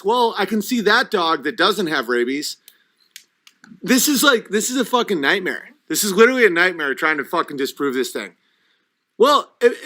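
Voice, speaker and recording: A high-voiced man who rants on a livestream, swearing and arguing with his chat. His voice is bright and sharp, and a few drinks loosen his delivery. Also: sing-song, normal speed. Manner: agitated, profane, reading chat comments aloud. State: has been drinking. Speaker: livestream host.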